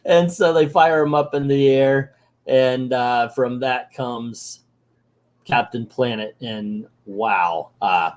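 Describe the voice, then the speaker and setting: A man's voice: medium pitch, steady tone, takes it slowly. A man casually recapping a cartoon episode as a channel host, with sarcastic, joking asides.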